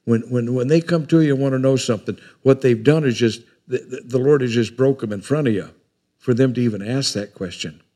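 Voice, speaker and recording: Folksy older preacher. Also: male voice, medium pitch, a little fast, warm tone. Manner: folksy, rambling, repeats words. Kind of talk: sermon.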